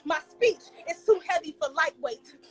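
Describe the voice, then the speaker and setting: A woman's voice: very high-pitched, animated, normal speed, creaky, faint music behind, rough recording. A woman poet performing spoken word in a rhythmic, declamatory, intense delivery with a Southern American accent.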